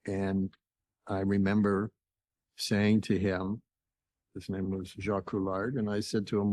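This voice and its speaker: Older man, from Canada, podcast guest, lively storyteller, voices each side of a conversation, dry sound. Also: lowish voice, a little fast, no echo. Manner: animated storyteller acting out dialogue. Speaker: entrepreneur guest. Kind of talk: storytelling interview.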